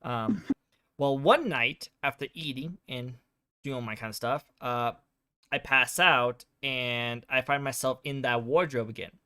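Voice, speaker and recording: A man's voice: medium pitch, a little slow, pushed and bright, smooth, no room sound, clean studio sound. A male streamer casually recapping a game's story, rambling with lots of fillers. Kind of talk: casual game recap chat.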